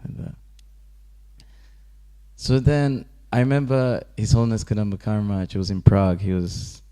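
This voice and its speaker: A man's voice: fairly low pitch, unhurried, dark tone, clean tone. A man giving a scripture class, telling the story in a casual, chatty way, often laughing and acting out the characters. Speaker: temple class speaker.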